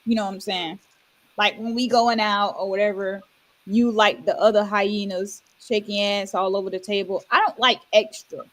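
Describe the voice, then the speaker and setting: A woman talks in relaxed podcast chat at a middle pitch. She tells her story loosely, with plenty of fillers and asides. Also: moderate pace, poor audio. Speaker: podcast co-host. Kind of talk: casual chat.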